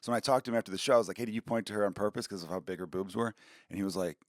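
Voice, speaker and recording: A man's voice: lowish voice, dry recording, clean studio sound. Snel pratende man, droog opgenomen. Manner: quick, loose storytelling with crude jokes. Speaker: podcast guest, comedian. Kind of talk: casual chat.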